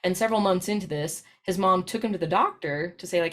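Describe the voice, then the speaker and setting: A woman's voice: fairly low pitch, fast, a bit bright. Chatty woman presenter telling stories. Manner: chatty, storytelling, frequent "right?" tag questions. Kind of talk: recorded professional presentation.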